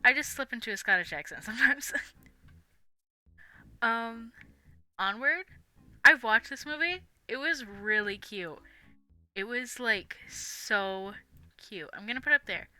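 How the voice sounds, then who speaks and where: Giggly woman with a very bright voice. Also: a little high, expressive, measured pace, long pauses, smooth, dry recording, soft background music. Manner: giggly, rambling, with frequent laughs and fillers. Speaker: livestream host. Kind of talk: casual live-stream chat.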